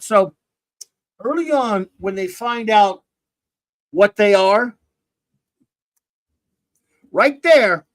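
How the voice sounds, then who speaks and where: A man's voice: high-pitched, a bit bright, no room sound, low-quality recording. A man hosting a casual review podcast, rambling and joking as he trips over his own words. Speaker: podcast host reviewing TV episodes.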